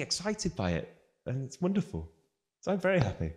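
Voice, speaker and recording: A man's voice: mid-range voice, a little fast. A man from northwest England with a northern English accent, a guest musician in a casual livestream interview, telling stories and acting out the voices of the people he quotes. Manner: lively storyteller who acts out quoted voices.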